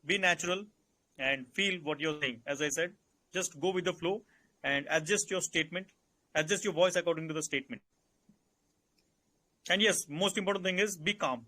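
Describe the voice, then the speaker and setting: A man with an Indian English accent coaches candidates in a calm, instructive way and circles back to restate his points. His voice sits high and sounds bright and forward. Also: normal speed, long pauses. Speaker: interview coach. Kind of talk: advisory Q&A session.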